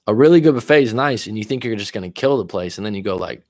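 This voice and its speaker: A man's voice: lowish voice, animated, fairly quick, no echo, clean studio sound. Profane, chatty male livestream coach. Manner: loose, profane, chatty, reacting to comments. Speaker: life coach hosting a livestream. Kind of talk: casual livestream chat reading viewer comments.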